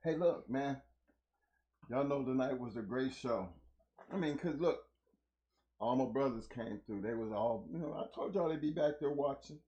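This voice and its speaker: A man's voice: mid-range voice, moderate pace, pauses often, highs cut off. A man hosting a live-streamed talk show, chatting casually with his co-host and the viewers. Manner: animated, repeats "you know what I'm saying".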